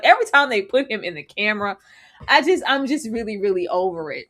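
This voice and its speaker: A woman co-hosting a live reality show recap, talking in an animated, dramatic way and mocking the people she discusses. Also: mid-range voice, fast talker. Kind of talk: casual live recap chat.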